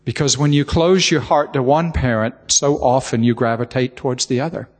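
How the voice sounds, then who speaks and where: A man's voice: mid-range voice, steady tone, normal speed. An older man preaching a sermon, telling a heartfelt family story with emotion and repeated words. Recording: reverberant hall.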